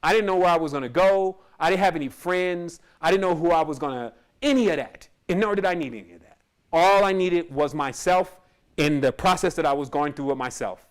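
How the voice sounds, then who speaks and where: A man with a notably high voice tells a personal story about his spiritual path. He speaks casually and wanders between thoughts, often breaking into a laugh. As a spiritual teacher, he addresses his followers directly. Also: brisk. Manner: casual, rambling, with frequent laughs.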